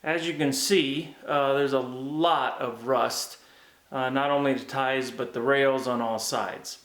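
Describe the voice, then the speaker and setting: A man hosting his own hobby channel, talking through a restoration project in a relaxed, hesitant way with many ums and uhs, recorded in a home workshop. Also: medium pitch, slow pace, rough recording. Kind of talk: casual how-to narration.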